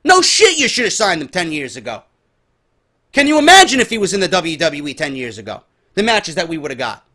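A man's voice: on the high side, sing-song, fairly quick, bright, forceful tone. A man with a New York accent giving a heated, profane solo rant as a wrestling commentary vlogger. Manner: profane, heated, emphatic ranting.

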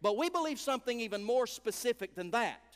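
High-voiced preacher in a reverberant church. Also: male voice, animated, brisk, smooth. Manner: emphatic preaching with dramatic drops to a hush. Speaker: guest preacher. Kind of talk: revival sermon. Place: large church sanctuary.

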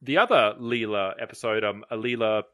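A man's voice: fairly low pitch, a little fast, pushed and bright, no echo, studio quality. A man hosting a casual podcast, reading out episode credits and trivia and steering the discussion between his co-hosts. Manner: reads out episode credits and trivia, moderates the talk. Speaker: podcast host.

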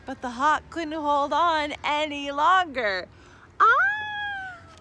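A woman reading a children's picture book aloud with slow, expressive storytelling, with background noise. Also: high-pitched. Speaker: storybook reader.

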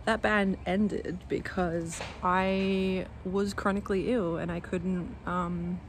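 Woman vlogger, a bit low-pitched, winded, rambling and dry, recorded on a phone. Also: fairly even intonation, slow pace, heavy background noise. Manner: rambling, wry and self-mocking. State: out of breath. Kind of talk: casual phone vlog.

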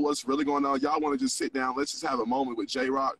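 A man's voice: medium pitch, steady tone, fast talker, fairly bright tone, husky, recorded from a distance, poor audio. A young man in his twenties hosting a livestream, mixing mock preaching with profane, confessional casual talk. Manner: profane, preachy, swings between teasing and confessional. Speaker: livestream host.

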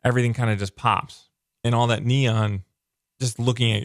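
A man reviewing a comic book in a casual, excitable, rambling way, full of filler words. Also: fairly low pitch, a little fast, gravelly, no echo, clean studio sound.

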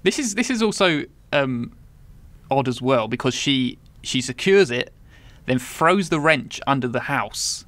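A man with a British accent, co-hosting a casual film review podcast, playful and quick to giggle. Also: mid-range voice, animated, fairly bright tone, no room sound. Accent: British English. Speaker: podcast co-host.

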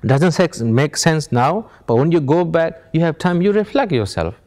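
Lively male meditation teacher. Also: fairly high pitch, normal speed. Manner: plain non-native English, rhetorical questions, chuckles while telling stories. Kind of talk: informal spiritual teaching to an audience.

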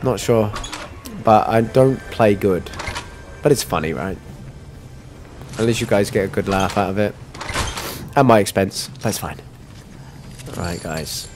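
A man streaming a live shooter game and chatting to viewers, trailing off into low mutters and then breaking into loud frustrated outbursts. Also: measured pace, long pauses, music in the background. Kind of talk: casual live game commentary.

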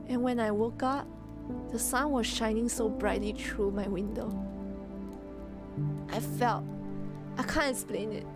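A woman reading a story aloud and voicing a small grieving girl who speaks in halting, quiet words, holding back tears. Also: fairly high pitch, lightly acted. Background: music.

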